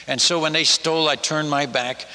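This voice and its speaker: A man telling a personal story in a sermon, chatty and animated, stumbling over restarts and asking the audience questions. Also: on the high side, normal speed. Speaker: missionary preacher. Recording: echoey hall.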